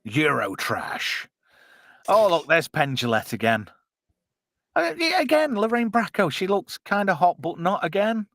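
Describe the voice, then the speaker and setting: A man's voice: high-pitched, huge pitch swings, unhurried, fairly bright tone, no echo. A man hosting a casual live film watch-along, chatty and jokey with lots of fillers. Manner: chatty, jokey, filler-heavy, reads chat aloud. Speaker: podcast host watching a film with chat.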